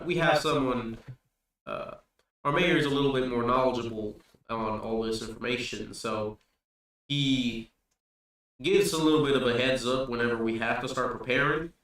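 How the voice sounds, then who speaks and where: A man's voice: medium pitch, fairly bright tone. A man voicing a practical adult male stableman who explains things patiently in a folksy way. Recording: echoey room, distant mic, faint music.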